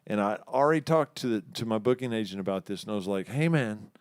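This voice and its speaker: Smooth-voiced storytelling musician from Houston. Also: male voice, on the low side, fast, no echo, studio quality. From Houston, Texas. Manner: animated, acts out quoted voices, laughs often. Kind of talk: casual storytelling. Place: live studio show.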